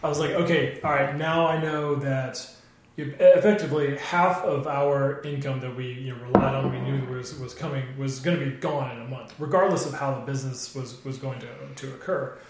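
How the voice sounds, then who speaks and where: A man who handles the numbers in a small business, calmly explaining his planning in a casual interview. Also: medium pitch, moderate pace. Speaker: business partner, numbers person. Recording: very echoey room.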